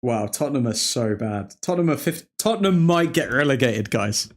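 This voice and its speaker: A man's voice: mid-range voice, lively intonation, normal speed. A man hosting a live football watchalong, chatting casually and rambling with frequent laughs and mock French phrases. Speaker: watchalong stream host. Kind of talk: casual live-stream chat.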